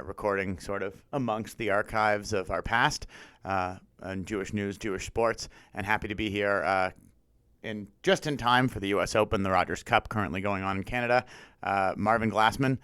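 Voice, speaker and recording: Man, podcast co-host, casual joking chat, smooth voice, dry studio sound. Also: on the low side, no echo. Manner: jokey, animated, slips into goofy radio-announcer voices.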